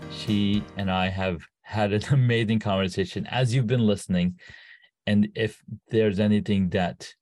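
A man with a low voice hosts a podcast in an upbeat, encouraging way. He sounds close to the mic, with a dry sound. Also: a little mellow, dry recording. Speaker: podcast host. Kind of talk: podcast interview hosting.

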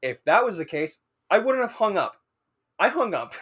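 Young male podcast co-host, casual storyteller, a touch high-pitched, animated and swears freely. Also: moderate pace, husky.

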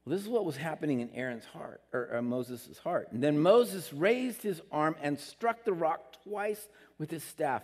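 A male pastor with a fairly high voice delivers his sermon in an earnest, conversational tone, pushing up in pitch when he stresses a point. A long reverb hangs behind him, like a large sanctuary. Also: animated, normal speed, few pauses, darkish tone. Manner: earnest, conversational preaching with rising emphatic peaks.

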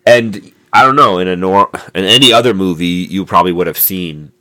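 Man, very low voice, casual podcast chat, rambling, lots of ums. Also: brisk, pushed and bright. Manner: rambling, many fillers and restarts. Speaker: podcast co-host. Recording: noisy amateur mic recording.

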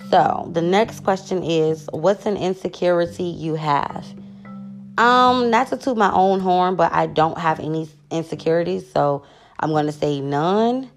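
A young woman in her twenties answers questions to camera in an unhurried, gravelly voice. Her voice sits a little low, and she keeps pausing to excuse her hiccups and burps. Faint music plays behind her. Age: 20s. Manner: hiccupping and burping, excusing herself often. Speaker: vlogger. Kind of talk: casual Q&A chat to camera.

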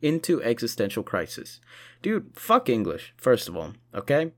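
A man's voice: medium pitch, huge pitch swings, normal speed. A tired man rambling profanely through a casual video monologue, short on sleep. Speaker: vlogger.

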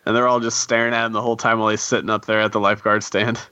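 A man's voice: lowish voice, racing, clear, resonant tone, no echo, lo-fi sound. A man co-hosting a casual podcast, laughing as he eagerly retells scenes. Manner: laughs while talking, animated retelling. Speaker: podcast co-host. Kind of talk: casual chat.

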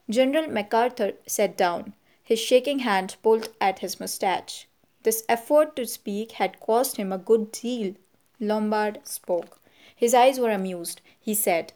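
Measured woman audiobook narrator. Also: a little high, darkish tone. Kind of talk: scripted narration.

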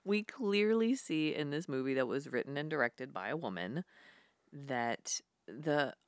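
Woman co-host, low pitch, blunt and animated, dry recording. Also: unhurried, no echo. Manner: animated, blunt, swears freely. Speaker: podcast co-host. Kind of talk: casual chat.

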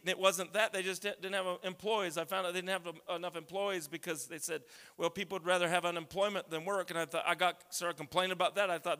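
A man preaching a sermon, talking conversationally and then building up to loud shouts. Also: a little high, fairly even intonation, fast talker. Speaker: pastor. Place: church sanctuary. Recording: long reverb of a large hall.

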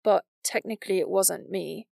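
A woman's voice: medium pitch, normal speed, vocal fry, dark tone, no room sound, clean studio sound. A woman voicing an earnest, shy teenage boy who speaks sincerely and hesitantly.

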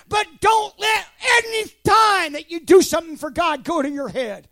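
A man in his sixties preaching a fervent sermon, shouting out phrases in loud bursts and laughing between stories. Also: very high voice, animated, normal speed, creaky, dry recording, studio quality. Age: 60s.

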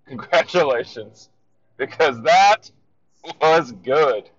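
A man co-hosting a podcast, from Florida, rambling excitably and laughing as he records a message to his friend from his car. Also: a little high, slow, no echo, lo-fi sound. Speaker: podcast co-host. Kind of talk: casual voice-memo chat while driving. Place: in a car in traffic.

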